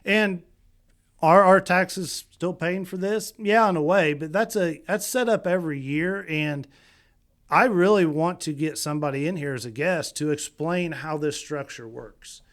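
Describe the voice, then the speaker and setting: A man's voice: fairly high pitch, measured pace, a bit bright. A man co-hosting a casual local podcast, blunt and teasing, often restarting his sentences. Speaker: podcast co-host.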